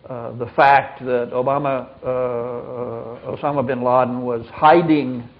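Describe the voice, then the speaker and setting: A man on a panel giving a slow, halting answer with many pauses and fillers. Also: medium pitch, steady tone. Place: conference hall. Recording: tinny phone-like recording with faint noise.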